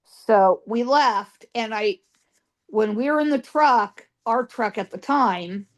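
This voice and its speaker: A woman's voice: fairly high pitch, slow pace, highs cut off. A woman guest psychic telling ghost stories in an interview, emphatic, piling up repeated words for stress.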